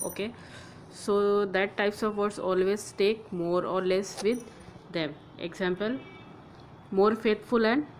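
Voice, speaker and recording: A woman teacher giving a grammar lesson, spelling letters out slowly and often checking in with "clear?" and "okay". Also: mid-range voice, a little hiss or hum, low-quality recording.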